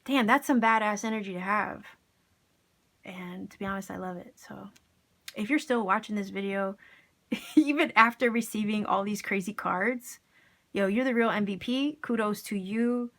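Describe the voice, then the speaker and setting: A woman gives a casual tarot reading in a mid-range, fairly bright voice at a moderate pace. She addresses her viewers directly, enthusiastic and encouraging, and sprinkles in lots of casual slang.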